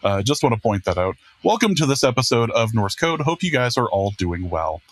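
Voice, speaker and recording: A man's voice: mid-range voice, big pitch swings, a little fast, dry recording. A man hosting a casual podcast, self-deprecating and rambling with restarts. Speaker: podcast host and producer. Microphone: podcast microphone.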